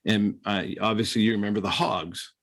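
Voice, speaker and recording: A man's voice: fairly low pitch, normal speed. Middle-aged man, podcast guest, casual storyteller who acts out the people he quotes. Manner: animated storyteller acting out quoted voices. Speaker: podcast guest, former quarterback.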